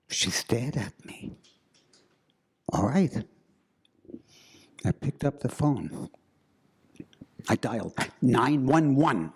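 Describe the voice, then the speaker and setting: A man telling a spooky story live, slow and dramatic with suspenseful pauses. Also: medium pitch, animated, slightly rough.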